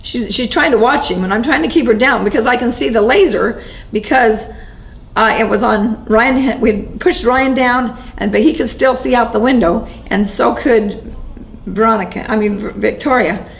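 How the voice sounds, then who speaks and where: Gravelly woman giving a halting eyewitness account. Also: on the high side, low-quality recording. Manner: halting and shaken, with frequent restarts and repeated words. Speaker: interviewee recounting events as an eyewitness. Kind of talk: first-person eyewitness account.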